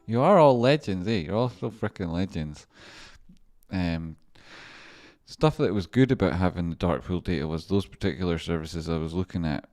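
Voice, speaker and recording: A man with a deep voice hosts a loose livestream about trading. He rambles, breaks off mid-thought, swears casually and laughs often as he reads out donations. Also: moderate pace, warm tone. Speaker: livestream stock trader.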